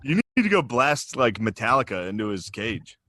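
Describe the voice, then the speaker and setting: A man co-hosting a podcast who teases his friends and cracks quick jokes. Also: mid-range voice, big pitch swings, pushed and bright, dry recording, studio quality. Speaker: podcast co-host. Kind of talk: casual chat.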